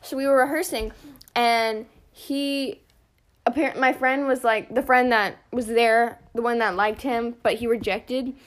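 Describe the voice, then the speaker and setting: A young woman co-hosting a podcast, telling a story in an animated, giggly way and acting out the quotes, talking close into a phone. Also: on the high side, a little slow. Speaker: podcast co-host. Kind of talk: casual storytelling chat. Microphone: phone held close.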